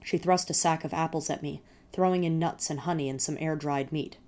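A woman reading first-person fiction in a measured, steady storytelling manner. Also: deep voice. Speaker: narrator.

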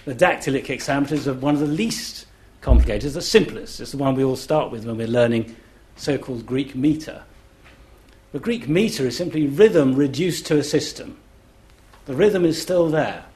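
A man speaking as a classics scholar on a festival panel, explaining in a measured, demonstrative way and chanting rhythms aloud to show them. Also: mid-range voice, a little mellow, slight background noise. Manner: measured and deliberate. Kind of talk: explanatory public talk.

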